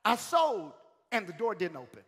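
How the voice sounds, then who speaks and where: A male pastor preaching a sermon in a church, calling out to the congregation, swinging from shouted peaks to sudden quiet lines. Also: high-pitched, very animated, moderate pace, breathy edge. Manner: calls out to the congregation. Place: church sanctuary. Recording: long hall reverb.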